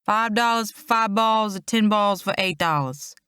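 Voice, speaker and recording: A woman's voice: medium pitch, moderate pace, fairly bright tone, clear, resonant tone, no room sound, clean studio sound, voice pushed up, close to an everyday voice. A woman voicing a greasy, sly male carnival game vendor with a Cajun accent.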